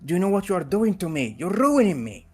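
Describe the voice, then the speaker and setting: A man's voice: measured pace, natural voice. A man voicing a snotty, pompous, rotund noble mayor who whines with indignation. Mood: outraged. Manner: indignant, whiny, raised pitch.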